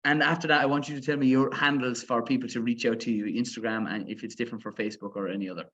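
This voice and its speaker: Quick, enthusiastic podcast host. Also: male voice, medium pitch, steady tone, fairly bright tone. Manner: enthusiastic, effusive. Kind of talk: casual chat. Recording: dull lo-fi sound.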